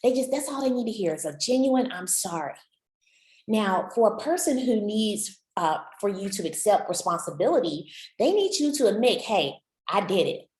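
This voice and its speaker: A woman coaching couples in a warm-hearted, chatty style, speaking right to her listener and cheering them on. Her voice sits at a middle pitch. The sound carries a noticeable room echo. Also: very animated, fairly quick. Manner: encouraging and chatty, addresses listener directly. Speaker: relationship coach. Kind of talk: motivational talk to camera.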